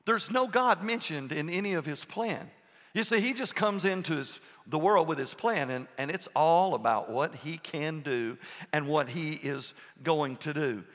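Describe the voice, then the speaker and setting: Bright high-pitched preaching man, echoey hall. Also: lively intonation. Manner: earnest preaching with pauses and restarts. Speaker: pastor. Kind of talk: sermon.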